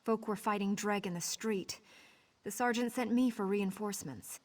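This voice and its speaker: A woman's voice: mid-range voice, normal speed, a little mellow, close to an everyday voice. Scared game townswoman begging for help, anxious and pleading, voiced by a woman. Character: frightened townswoman seeking help. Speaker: game character.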